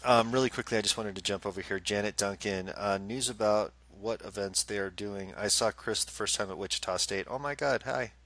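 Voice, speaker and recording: Rich: A man with a low, bright and forceful voice tells a story in a casual chat show. He talks in an animated way and puts on the voices of the people in his story. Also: fairly quick, few pauses. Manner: animated storyteller, acts out quotes. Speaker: co-host and psychic medium. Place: live streamed show.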